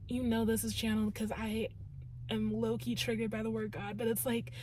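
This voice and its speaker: A woman's voice: a little high, flat delivery, brisk, darkish tone, slight background noise. A young woman giving an earnest, emphatic tarot reading in a casual way, full of "like" and "literally". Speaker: tarot reader.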